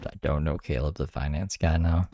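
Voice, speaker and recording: A man's voice: extremely low pitch, steady tone, fairly quick, highs cut off, background noise. A man giving live reaction commentary, muttering and irritable about his tech. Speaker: stream commentator.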